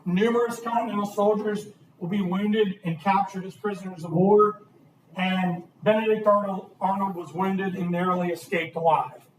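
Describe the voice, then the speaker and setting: Lively male teacher in a roomy classroom. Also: high voice, moderate pace, slight background noise. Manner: lively, asks the class questions. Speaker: history teacher. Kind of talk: classroom lecture. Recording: roomy, distant classroom recording.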